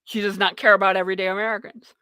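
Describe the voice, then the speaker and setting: A man's voice: high-pitched, little pitch movement, very fast, pushed and bright, clear, resonant tone, no room sound. A man hosting a live talk radio show, giving blunt, opinionated news commentary in a rambling way full of ums and uhs.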